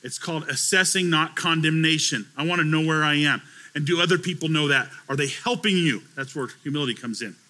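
A man's voice: on the high side, a little fast, pushed and bright. A man preaching a conversational sermon to his church as pastor, telling stories with acted-out dialogue.

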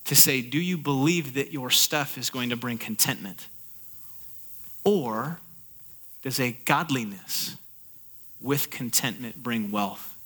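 Animated, bright-voiced male preacher. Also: on the high side. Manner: animated preaching, acts out inner voices, rising to urgent exhortation. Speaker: pastor. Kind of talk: sermon.

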